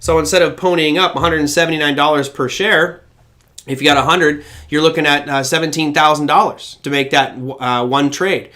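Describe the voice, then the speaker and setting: A man hosting a live-stream market show, chatting casually with viewers and telling animated stories. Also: fairly high pitch, brisk. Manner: animated storyteller who breaks into impressions. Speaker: trading show host.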